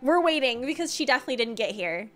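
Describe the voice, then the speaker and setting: A woman's voice: high-pitched, very animated, fast, faint music behind. Playful woman streamer joking over gameplay. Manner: joking, goofy asides.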